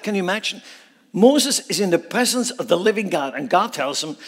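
A man's voice: sits high, animated, moderate pace. A man preaching a sermon, dramatically acting out biblical dialogue with rising intensity. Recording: long hall reverb.

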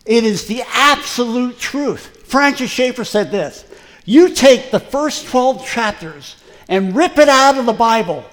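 A man preaching a folksy, emphatic sermon, joking at his own expense as a plain working guy. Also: high-pitched. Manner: folksy, self-deprecating, emphatic. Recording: long hall reverb.

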